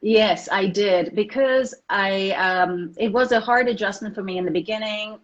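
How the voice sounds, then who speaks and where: Guest actress from South Africa, woman, quick talker with restarts, middle pitch, muffled recording. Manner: fast-talking with many restarts. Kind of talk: casual interview chat. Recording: muffled lo-fi audio.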